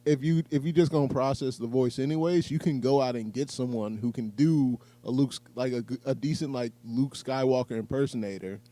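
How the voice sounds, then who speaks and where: Mellow-voiced man. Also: fairly quick, few pauses. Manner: agreeable, frequent yeahs, jumps in higher when excited. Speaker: podcast co-host. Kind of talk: casual chat.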